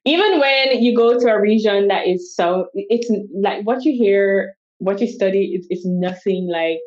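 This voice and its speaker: Animated woman telling travel stories. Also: mid-range voice, a little slow, lo-fi sound. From Jamaica. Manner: animated storyteller who acts out quoted speech. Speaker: guest, solo travel coach. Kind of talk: casual interview chat.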